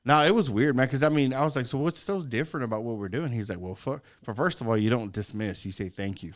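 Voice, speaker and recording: A man's voice: medium pitch, fast. A man from Texas, chatting casually on a podcast and telling profane travel stories.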